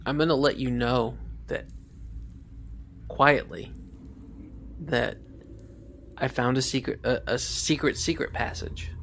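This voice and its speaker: Man, gravelly voice, mid pitch, casual tabletop player, playful, faint hiss. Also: steady tone, slow, pauses often, a bit bright. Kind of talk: casual tabletop game chat.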